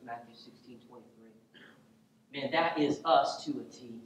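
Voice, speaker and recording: Animated preacher man, echoey church. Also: mid-range voice, normal speed, distant mic, a little hiss or hum. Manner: animated, humorous storytelling preacher. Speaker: pastor. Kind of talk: sermon. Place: church sanctuary.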